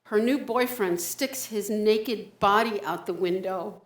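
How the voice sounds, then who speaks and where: Slow, roomy woman telling a staged story. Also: mid-range voice. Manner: dramatic present-tense monologue, muttered self-talk. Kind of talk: solo theatrical storytelling performance. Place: live stage at a community center. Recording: roomy live venue recording.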